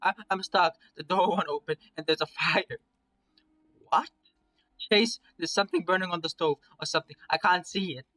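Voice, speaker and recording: A man voicing Raven, a young male furry creature trapped behind a door, shouting frantically and stammering. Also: high-pitched, steady tone, moderate pace, voice pushed up, low-quality recording. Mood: panicked.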